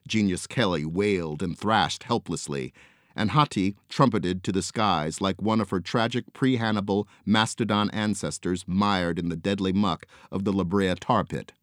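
A man narrating a whimsical children's fantasy story with expressive, varied delivery. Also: low voice, normal speed, no echo, studio quality. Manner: expressive, with lots of swing in delivery.

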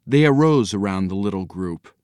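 A man reading a children's storybook aloud in a studio, in an expressive, playful storytelling manner. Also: on the low side, normal speed, clean tone, no room sound. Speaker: audiobook reader. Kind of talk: storybook narration. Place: recording studio.

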